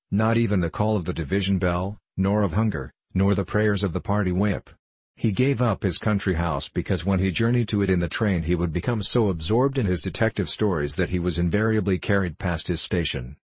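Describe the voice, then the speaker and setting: A man's voice: sits low, darkish tone, husky, no room sound. A man reading as an eager, fretful politician. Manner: eager, tense. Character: agitated male British politician, nervous, eager.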